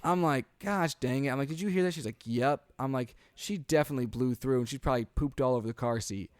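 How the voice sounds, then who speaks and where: Speaking a little fast in a mid-range voice, a father in his thirties co-hosting a podcast shares a long family story in an easygoing, animated way, acting out quotes and filling gaps with "like" and "um." The recording is dry.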